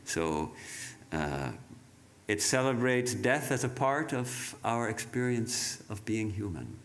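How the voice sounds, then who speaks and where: Man, monk, sermon, measured, reflective, halting restarts, low voice. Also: animated, slight background noise. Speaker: monk giving a talk.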